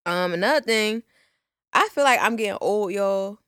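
A woman in her twenties talks loosely and casually as a podcast co-host, full of slangy asides. Her voice sits at an ordinary middle pitch. She is recorded dry and close, with no room sound. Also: expressive, normal speed, fairly bright tone, smooth, no room sound. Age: 20s. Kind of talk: casual chat.

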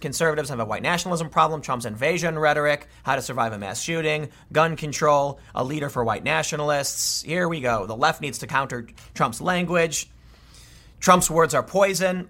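A man's voice: a little high, pushed and bright. A man giving casual political commentary, exasperated and ranting, with frequent restarts.

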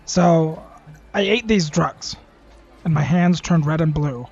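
A man's voice: on the high side, takes it slowly, darkish tone, husky. A man playing in a tabletop game, joking and hesitant with fillers. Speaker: player. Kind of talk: casual tabletop game play. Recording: slightly muffled recording with faint music.

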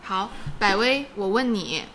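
A woman teaching Chinese vocabulary in a bilingual lesson, patient and quick to laugh. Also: mid-range voice, lively intonation, a bit bright, slight background noise. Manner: patient, explains slowly, laughs easily.

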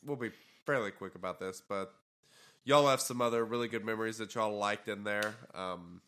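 Bright-voiced joking podcast man. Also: fairly low pitch, moderate pace, clean tone. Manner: jokey, loose, with many filler sounds. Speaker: podcast co-host. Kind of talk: casual chat.

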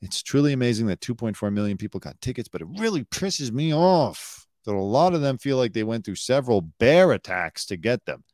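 A man's voice: mid-range voice, very animated, brisk, hardly any pauses, a little mellow, no room sound, studio quality. A man hosting a casual live-stream news commentary, talking bluntly and opinionated, swearing freely and rambling with asides. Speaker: host, former entertainment news producer.

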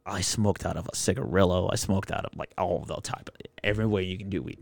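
A man in his twenties, a podcast guest, telling a story in a casual, profane, animated way. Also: deep voice, vocal fry. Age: 20s. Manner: animated, profane, acts out friends' voices.

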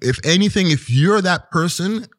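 Guy on a podcast, high voice, gets loud and emphatic, dry mic. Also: normal speed, dry recording. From Toronto, Canada. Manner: emphatic, animated, slangy storytelling. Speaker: podcast guest. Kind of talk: casual podcast conversation.

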